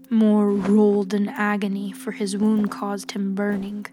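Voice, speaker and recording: A woman narrates a fable in a slow, hushed voice that often drops to a whisper. Her melody stays flat and even, and music plays clearly behind her. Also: mid-range voice. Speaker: storyteller. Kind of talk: scripted storybook narration.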